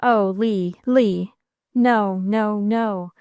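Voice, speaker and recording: Woman playing a desperate young girl in a storybook, faltering and teary, clear smooth voice, dry sound. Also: mid-range voice, extremely slow, a little mellow, dry recording. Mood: distraught. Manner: sobbing, faltering.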